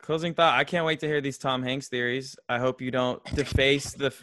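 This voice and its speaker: A man's voice: medium pitch, fairly even intonation, moderate pace, fairly bright tone, dry recording, clean studio sound. A young man from Florida co-hosting a podcast, rambling with lots of fillers in casual chat. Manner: rambling, filler-heavy, laughs often. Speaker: podcast co-host.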